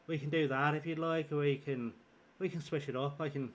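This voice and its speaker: A young male streamer talking casually over his game, with a slightly high voice. He rambles, chuckles often and pokes fun at himself. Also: steady tone, normal speed, dull audio. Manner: rambling, chuckling and self-deprecating. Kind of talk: casual gaming livestream chat.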